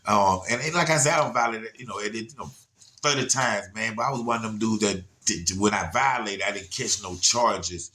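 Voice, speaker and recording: A man, telling a story in a slightly low voice. He rambles in a laid-back way, circling back and checking in with his listeners. It is casual, unscripted storytelling. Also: a little fast, sharp tone. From Atlanta area, USA. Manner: rambling, laid-back, frequent "you know what I'm saying".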